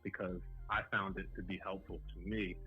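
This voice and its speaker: A young man speaking as a podcast guest, earnest and halting, with many fillers and restarts. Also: deep voice, flat delivery, sharp tone, highs cut off, soft background music. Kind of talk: conversational interview.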